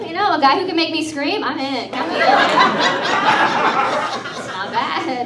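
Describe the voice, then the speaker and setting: High-voiced woman doing stand-up. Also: lively intonation, normal speed, long pauses, heavy background noise. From Texas. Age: 30s. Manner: chatty, sarcastic, laughs at her own jokes. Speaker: stand-up comedian and host. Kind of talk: stand-up comedy set. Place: comedy club in front of a live audience. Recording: roomy club sound from a distant mic, audience laughter. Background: crowd laughing and cheering.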